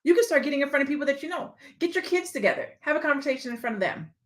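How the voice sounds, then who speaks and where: A woman's voice: high voice, lively intonation, very fast. A woman hosting a live-streamed motivational talk, speaking candidly and reading viewer comments aloud. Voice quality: slight lisp. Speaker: livestream host and speaker.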